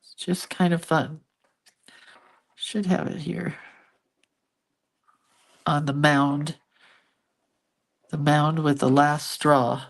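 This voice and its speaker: Low-voiced, unhurried woman craft host. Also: steady tone, vocal fry. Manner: chatty, muses aloud while drawing and reading viewer comments. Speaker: hand-lettering and doodling host. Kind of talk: casual craft livestream chat.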